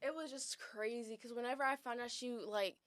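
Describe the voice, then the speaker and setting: A young woman co-hosting a casual chat podcast, telling a story with animated acted-out quotes and plenty of swearing. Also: a little high, fairly quick, no room sound. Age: young adult. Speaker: podcast co-host.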